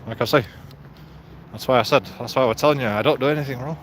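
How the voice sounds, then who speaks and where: On a noisy nighttime city street, a vlogger strolls and rambles casually, joking and laughing often while a bit out of breath. His voice is mid-range and he talks quickly.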